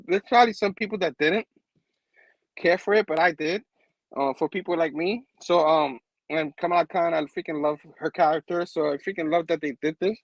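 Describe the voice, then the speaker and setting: A man's voice: on the high side, a little fast, dry recording, rough recording. A man hosting a comic book review show, casually recapping an issue in a rambling way, chuckling often and using lots of fillers.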